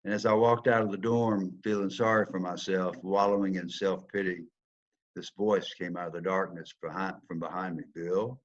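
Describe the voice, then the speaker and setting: An older man with a Southern accent tells his story with a storyteller's sense of drama. He pushes some lines out loud and lets others drop almost to a whisper. His voice sits low and comes through a dull, lo-fi recording. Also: fairly even intonation, moderate pace. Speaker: speaker telling a personal story. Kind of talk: storytelling talk.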